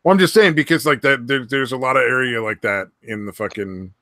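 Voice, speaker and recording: A man's voice: mid-range voice, fairly quick, bright, forceful tone, no room sound, studio quality. A man co-hosting a podcast, rambling in casual, profanity-heavy chat. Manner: rambling, swears a lot. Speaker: podcast co-host.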